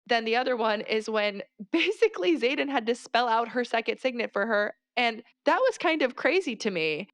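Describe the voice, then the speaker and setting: A woman co-hosting a podcast, talking casually and with animated, exasperated asides. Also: on the high side, normal speed, hardly any pauses, no echo. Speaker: podcast co-host. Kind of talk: casual book discussion.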